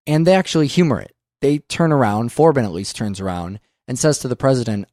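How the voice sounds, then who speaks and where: A man's voice: medium pitch, animated, fairly quick, hardly any pauses, a little mellow, dry recording, clean studio sound. A man hosting a film podcast in casual discussion, emphatic and opinionated, swearing often. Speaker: podcast host.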